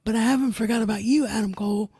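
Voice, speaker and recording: A man hosting a solo recap show, retelling events with excitement and paraphrasing others' lines. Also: high-pitched, fast, husky, dry recording. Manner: excited storytelling, paraphrasing others in their own words. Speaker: podcast host.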